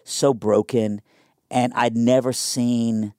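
A young man telling a personal story in a casual interview, animated and conversational with lots of fillers. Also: mid-range voice, slow, dry recording, studio quality.

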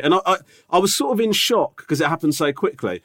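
A man's voice: sits high, animated, quick pace, dry recording, studio quality. A man in his forties telling a story in casual podcast chat, exasperated and swearing freely. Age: 40s. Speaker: podcast co-host.

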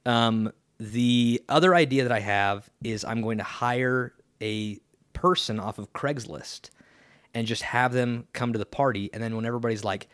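A young man co-hosting a podcast, chatting casually in a rambling, halting way with lots of fillers and restarts. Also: medium pitch, a bit bright, clear, resonant tone, no echo. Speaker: podcast co-host. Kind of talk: casual chat.

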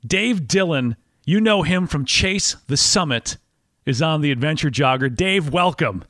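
Man, podcast host, neutral broadcast delivery, upbeat, playful, fairly high pitch. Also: lively intonation, measured pace, a bit bright, no room sound, clean studio sound. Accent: none, neutral broadcast. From Wisconsin. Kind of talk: casual interview.

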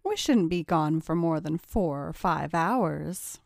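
A woman's voice: deep voice, expressive, takes it slowly, creaky, darkish tone, no echo, studio quality, pitched below the performer's own voice, full character voice. A woman voicing a bossy, cool-headed teenage girl accomplice in a storybook reading.

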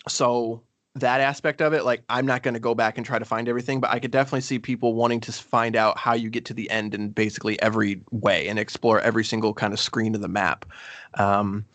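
A man's voice: fairly low pitch, level tone, quick pace, fairly bright tone, dry recording. A man co-hosting a casual game review chat, rambling with many fillers and restarts. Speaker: podcast co-host.

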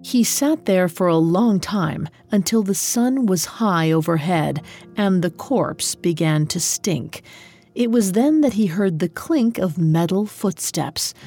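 A woman tells an old legend in a slow, measured storybook narration. Her voice is dark, mellow and slightly husky. Soft music plays quietly behind her. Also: lowish voice, lively intonation.

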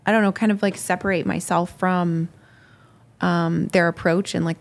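A woman who leads a ministry thinks out loud about how she handles criticism. Her voice sits a bit low and has a gravelly fry. Her answers meander and are full of fillers. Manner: rambling, self-reflective, laughs easily. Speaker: ministry leader. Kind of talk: reflective interview answer.

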